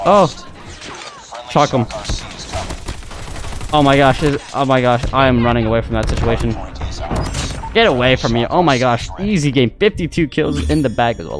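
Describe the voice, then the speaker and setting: A young man giving live commentary over his own gameplay, excitable, jumping between loud outbursts and muttered callouts. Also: mid-range voice, moderate pace, long pauses. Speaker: gaming YouTuber. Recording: music playing under gunfire.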